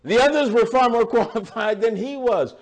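An older man preaching a sermon, slow and emphatic, repeating key words for weight. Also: very high voice.

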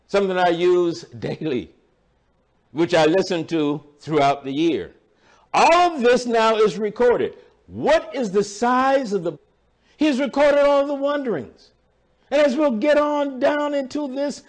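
Slow, emphatic older male preacher. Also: a little high. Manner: slow, emphatic, repeats key words. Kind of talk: sermon.

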